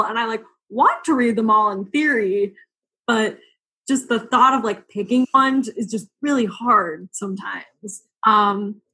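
A woman's voice: a little high, measured pace, pushed and bright, husky. A woman on a casual podcast chat, rambling and searching for words, with lots of "like". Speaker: podcast guest.

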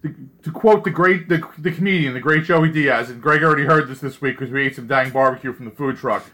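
A man's voice: mid-range voice, fast talker, few pauses, sharp tone, slight background noise. A man hosting a casual chat, joking and swearing freely as he moves the segment along. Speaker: podcast host.

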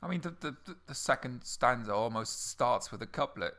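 A man's voice: medium pitch, lively intonation, normal speed, fairly bright tone. A young man co-hosting a casual podcast chat, stammering and repeating words as he explains. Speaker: podcast co-host.

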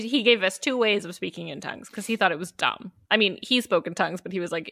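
A woman's voice: on the low side, fast, gravelly, hardly any pauses, bright, forceful tone, no room sound, clean studio sound. A woman co-hosting a podcast, chatting casually with many fillers and easy laughter. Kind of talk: casual chat.

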